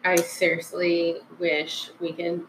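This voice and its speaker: A woman's voice: fairly low pitch, completely flat delivery, takes it slowly. Woman host, loose chatty podcast talk, noticeable background noise. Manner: chatty, slangy, lots of "like". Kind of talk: casual podcast chat.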